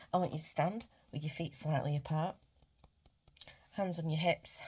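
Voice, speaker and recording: A woman's voice: low voice, a little mellow, husky. A woman, a wellbeing coach guiding an encouraging self-help exercise. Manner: encouraging, instructive.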